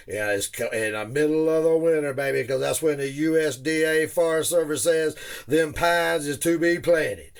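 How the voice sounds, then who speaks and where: Gravelly man spinning folksy yarns. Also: medium pitch, fairly bright tone. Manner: drawling, down-home, joking. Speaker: former tree planter. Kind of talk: folksy storytelling monologue.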